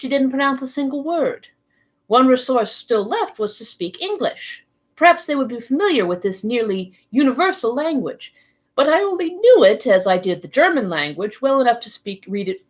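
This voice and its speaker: A woman reading a novel aloud for a library program, narrating in the first person with expressive delivery. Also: fairly high pitch. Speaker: library storytime reader.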